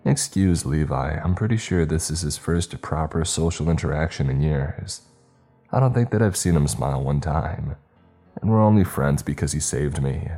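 Man reading a bossy teen girl, deep voice. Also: expressive, normal speed, warm tone, breathy edge, soft background music, exaggerated voice. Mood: urgent. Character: bossy, brisk teenage girl.

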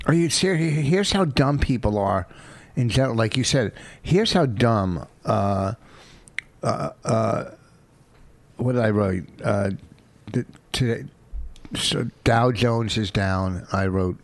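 A man's voice: lowish voice, expressive, slow, no room sound. A man, a comedian, bickering defensively in casual chat and swearing freely, on a close studio mic. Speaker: comedian, co-host.

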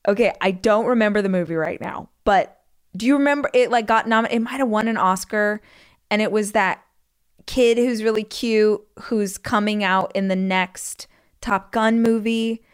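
A woman hosting a casual solo podcast, talking in a chatty, rambling way. Her voice is smooth and clear, and it sits at a middle pitch. She jumps between asides and restarts as she gushes. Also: normal speed. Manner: chatty and rambling, gushing about movies; frequent restarts and side comments. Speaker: podcast host.

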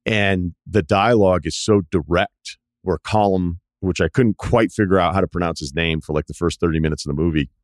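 A man hosting a podcast in casual chat, relaxed and rambling, with restarts and side remarks. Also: low voice, brisk, few pauses, no room sound, clean studio sound. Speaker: podcast host.

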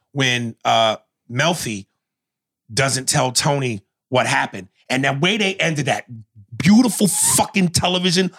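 Bright-voiced, animated, profane storyteller man. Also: a little high. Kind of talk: casual chat recapping a TV show.

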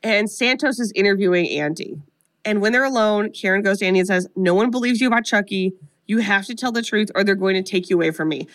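A woman co-hosting a podcast, retelling a film plot in a casual comedic way, animated and profane with lots of "like". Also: mid-range voice, fast. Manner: animated, profane storytelling full of "like". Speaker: podcast co-host.

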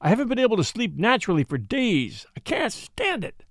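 A man's voice: sits high, big pitch swings, quick pace, dry recording, clean studio sound, full character voice. A man voicing a desperate, sleepless young Englishman who pleads in a trembling, frantic way. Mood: desperate pleading.

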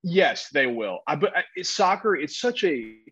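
A man's voice: fairly high pitch, big pitch swings, moderate pace, a bit bright, slightly rough, no echo, dull audio. A man co-hosting a casual sports talk show, rambling through his points with lots of fillers and restarts. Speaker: podcast co-host, soccer analyst.

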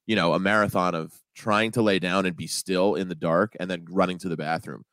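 A man chatting casually and telling stories, getting over being sick, animated, jumping up in pitch when he quotes people. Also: brisk, clear, resonant tone, no echo. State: recovering from illness. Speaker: podcast co-host. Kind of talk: casual chat.

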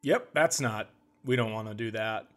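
A middle-aged man hosting a podcast who has a stutter and tells comedic stories in a casual, animated way, jumping into high voices when he quotes people. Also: normal speed. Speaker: podcast host.

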